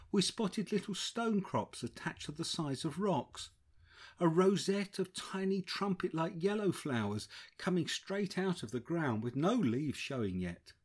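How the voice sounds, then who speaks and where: A man narrating a first-person travel memoir in a measured, descriptive way. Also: medium pitch, darkish tone, husky. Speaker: audiobook narrator.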